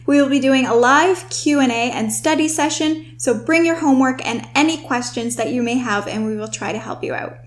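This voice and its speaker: Young woman tutor going over vocab words, kinda high voice, clear and careful, slows down on the key words. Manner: clear and instructive, slowing down to stress key words. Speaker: host and writing tutor. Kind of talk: scripted vocabulary lesson.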